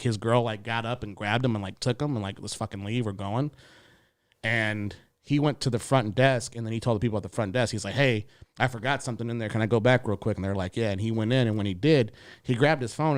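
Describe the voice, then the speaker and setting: A young adult man, a comedian guest on a podcast, telling stories in a laid-back, profane way with lots of fillers, jumping up in pitch to act out quotes. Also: clean tone, no room sound, clean studio sound. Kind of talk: casual podcast storytelling.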